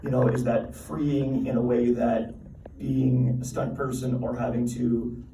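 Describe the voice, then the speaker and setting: A man's voice: medium pitch, level tone, measured pace, background noise. A man moderating a convention panel, asking long, enthusiastic questions. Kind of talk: interview questions. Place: large convention hall. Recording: echoey hall, taped from far off.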